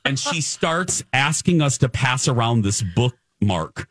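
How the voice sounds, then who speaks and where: A man hosting a radio talk show, telling a comic story in an animated, exasperated way with many restarts. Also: mid-range voice, slow pace, no echo.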